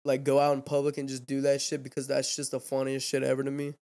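A man's voice: medium pitch, completely flat delivery, quick pace, mellow. A young man, hosting a podcast and chatting casually, rambling and swearing with constant fillers. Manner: rambling, profane, fillers "dude" and "like". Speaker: podcast host. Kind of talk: casual chat.

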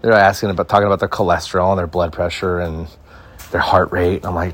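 A man's voice: low-pitched, flat delivery, quick pace, a bit bright. A young man hosting a solo podcast from a backyard outdoors, talking into a phone in a rambling, laid-back way and filling his speech with "like" and "right?". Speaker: podcast host. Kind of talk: casual solo podcast chat.

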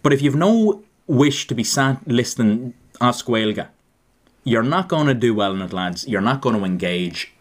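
A young Irish man in his twenties co-hosts a podcast, chatting casually, joking around and calling his listeners "lads." His mid-range voice is animated and moves at a normal speed.

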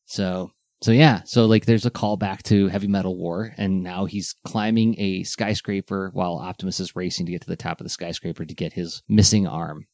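Male podcast co-host, low voice, dry close sound, animated and laugh-prone. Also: no echo. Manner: animated, laughs often, mimics characters in quick asides. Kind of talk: casual chat.

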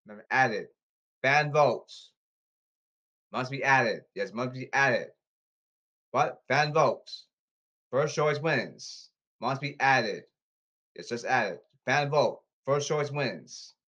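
A man's voice: mid-range voice, expressive, pushed and bright, dull audio. Insistent rambling man reading rules. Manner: repetitive, insistent, halting restarts. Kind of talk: rambling monologue to camera. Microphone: phone.

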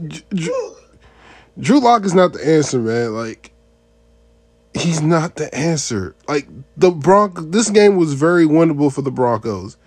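A man co-hosting a casual sports podcast, who laughs often and exclaims loudly. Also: a little high, no echo. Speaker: podcast co-host.

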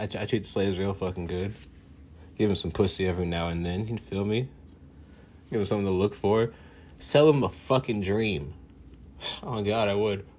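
A man's voice: fairly low pitch, a little mellow. A man ranting casually for laughs, boastful and profane, laughing often. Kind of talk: casual comedic rant.

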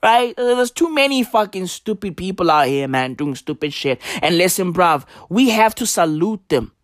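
A woman's voice: fairly low pitch, big pitch swings, moderate pace, no echo, clean studio sound. A woman hosting a podcast, ranting comically with constant swearing and rhetorical questions. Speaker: podcast host. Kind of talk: profane comedic rant.

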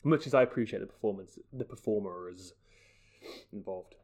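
A man co-hosting a podcast, discussing a film in a measured, hedging way, often restarting his sentences. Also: on the low side, a little mellow. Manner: measured, hedging, self-correcting. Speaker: podcast co-host.

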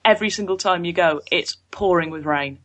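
A woman's voice: on the low side, fairly quick, a bit bright, dry recording. British woman, playful and teasing, casual podcast chat. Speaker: guest comedian.

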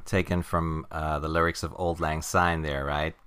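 Deep-voiced man rambling in casual chat. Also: level tone, moderate pace, fairly bright tone, clear, resonant tone. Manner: rambling, filler-heavy, chuckles often. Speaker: comic book podcast co-host.

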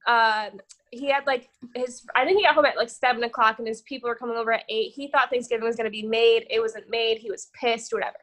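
High, bright-voiced young woman telling stories. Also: fairly even intonation, quick pace. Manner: profane, rambling, says "whatever" a lot. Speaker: podcast guest. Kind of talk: casual storytelling chat.

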